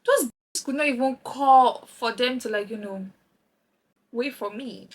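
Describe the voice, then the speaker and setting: A young woman from Nigeria telling a lively travel story while doing her makeup, acting out the other people's lines. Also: fairly high pitch, unhurried, rough recording. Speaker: vlogger. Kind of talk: chatty get-ready-with-me story time.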